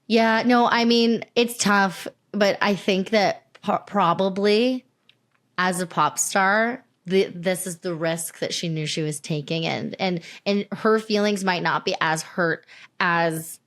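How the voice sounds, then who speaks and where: A woman's voice: mid-range voice, slow pace. Chatty young woman podcast co-host. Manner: chatty, animated storytelling with frequent laughs. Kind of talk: casual chat.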